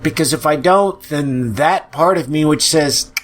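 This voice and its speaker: Angry, sighing podcast host ranting. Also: male voice, on the high side, a little slow, slight background noise. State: depressed. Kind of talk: ranting monologue.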